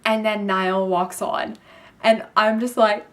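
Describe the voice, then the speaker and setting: A young woman vlogging, telling a story in a gushing, excited way with lots of fillers. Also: mid-range voice, takes it slowly. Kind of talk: casual storytelling to camera.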